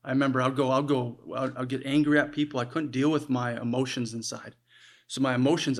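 A man preaching a sermon in an earnest, conversational way, often restarting his sentences. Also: medium pitch.

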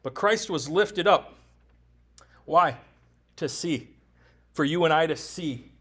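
A man's voice: on the high side, animated, takes it slowly, fairly bright tone, slightly rough. A pastor preaching a sermon, emphatic and conversational, tossing rhetorical questions to his congregation and slipping in light jokes.

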